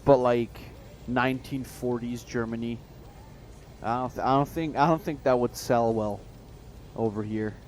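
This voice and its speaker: A man's voice: mid-range voice, steady tone, a little mellow, soft background music. A man chatting casually on a stream, rambling and swearing with frequent restarts. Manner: rambling, profane, halting restarts.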